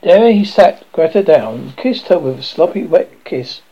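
A man's voice: fairly high pitch, expressive, measured pace, slightly rough. A man reading a children's story aloud, stumbling and correcting himself often. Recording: dull lo-fi recording.

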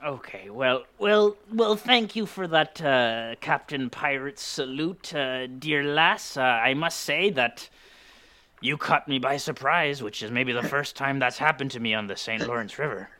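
A man's voice: medium pitch, measured pace, sharp tone. A man playing a proud, easily startled pirate captain in an improvised comedy, blustery and stammering. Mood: grumbling. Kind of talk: improvised comedy role-play.

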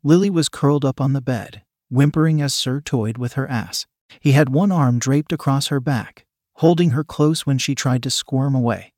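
A man reads a written story aloud in a steady, even voice. His pitch sits in the middle for a man, and the recording is dry and close. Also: moderate pace, no echo. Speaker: narrator. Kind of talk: scripted story narration.

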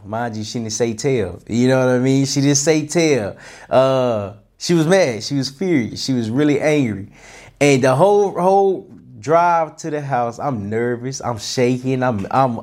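A man telling a childhood story in a casual, animated way, often restarting and repeating himself. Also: medium pitch. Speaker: host. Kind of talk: personal storytelling talk.

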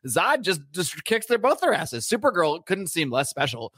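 A man's voice: a little high, normal speed, breathy edge, dry recording, studio quality. A man co-hosting a podcast, ranting in casual chat with lots of swearing. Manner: animated, profane, ranting. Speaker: podcast co-host.

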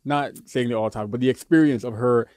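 A young podcast co-host chats casually, rambling and joking with plenty of fillers and restarts. His mid-range voice moves at a quick pace with a darkish tone, and there's no echo.

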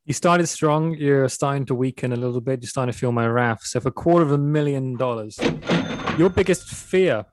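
A man's voice: medium pitch, a little fast, no echo. A man from Sweden, hosting a podcast and teasingly quizzing his guest. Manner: teasing, playful quizmaster. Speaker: podcast host. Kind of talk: quiz-style podcast chat.

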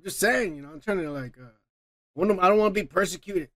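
A man's voice: high-pitched, fast talker, a bit bright, no room sound. A man hosting a casual podcast, rambling and cursing as he reads out listener comments. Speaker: podcast host.

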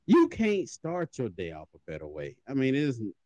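Lively joking man in a dry studio. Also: mid-range voice, moderate pace, no room sound, highs cut off. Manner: joking, laughing, crude banter. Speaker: podcast co-host. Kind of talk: casual chat, reacting to listener voicemails. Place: home studio.

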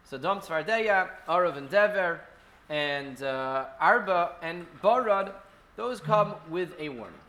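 A man's voice: on the high side, a bit bright. A man teaching an informal Torah class at an indoor gathering, speaking in a conversational way full of fillers and restarts.

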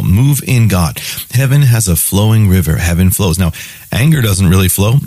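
A man's voice: sits low, animated, moderate pace, dark tone, no echo. A man giving a radio sermon and then an on-air offer, preaching with an emphatic, repetitive cadence.

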